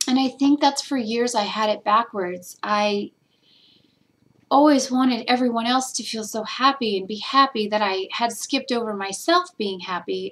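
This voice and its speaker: A woman talking in a personal vlog, earnest and tender, emotional as she shares a spiritual reflection. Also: a little high. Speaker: spiritual guidance vlogger. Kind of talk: heartfelt personal vlog talk.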